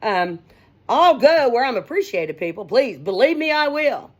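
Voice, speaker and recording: Talking into her device's built-in mic with no headset, a middle-aged woman hosts a loose, off-the-cuff monologue. She's blunt and rambling, calling people "honey" and "man," with a fairly high voice, big pitch swings, and a moderate pace.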